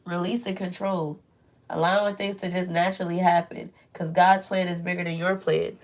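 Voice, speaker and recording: A woman's voice: fairly low pitch, little pitch movement, fairly quick. A woman giving a casual spiritual tarot reading, earnest and preachy, repeating phrases for emphasis. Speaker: tarot reader.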